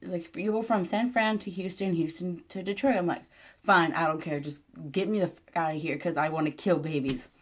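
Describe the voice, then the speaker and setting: A young woman with a slightly low voice tells a long storytime vlog in a rambling, frustrated way. She swears freely and strings her story together with endless "like"s and acted-out quotes of herself. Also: brisk. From Michigan, US. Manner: frustrated, profane, rambling with many "like"s. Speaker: vlogger.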